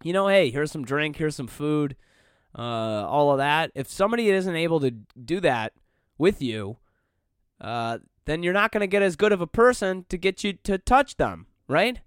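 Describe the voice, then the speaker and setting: A man's voice: a little high, expressive, moderate pace, clean tone, no echo. A young man hosting a rambling solo podcast, talking wryly into a close microphone with many fillers and restarts. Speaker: podcast host. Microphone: close studio mic.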